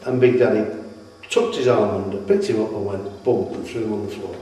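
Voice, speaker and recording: A middle-aged man spins animated stories, restarting his sentences often. His voice sits mellow and dark. The echoey room and distant mic give it a long, roomy tail. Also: lowish voice, a little fast, slight background noise. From Britain. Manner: rambling, animated, with many restarts. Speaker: retired wrestler interviewee. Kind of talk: anecdotal interview storytelling. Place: at his home.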